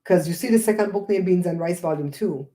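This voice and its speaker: Animated woman hosting a casual chat. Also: fairly low pitch, fairly quick. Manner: animated, preachy, laughs often. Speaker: host.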